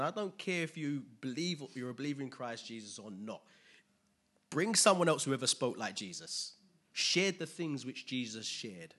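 A man preaching a sermon in a conversational way, dropping to quiet asides and rising to loud emphatic bursts. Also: mid-range voice, very animated, normal speed, slightly rough.

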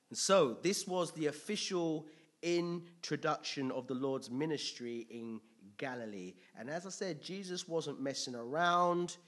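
A man preaching a Bible teaching sermon, repeating key phrases and breaking into loud, excited exclamations, laughing as he digresses. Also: a little high. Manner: slow, repetitive, bursts into loud excited exclamations; laughs often, digresses into personal testimony.

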